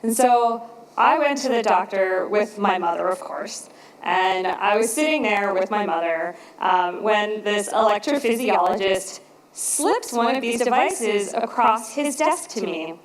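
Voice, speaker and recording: Lively woman in a reverberant hall. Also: medium pitch, a little slow. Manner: lively storyteller, acts out quoted voices. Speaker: conference speaker. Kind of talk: storytelling conference talk.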